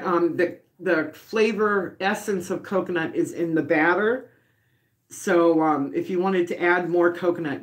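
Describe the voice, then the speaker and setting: A middle-aged woman, chatting casually on a home livestream while baking and reading viewer comments aloud. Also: lowish voice. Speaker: livestream host.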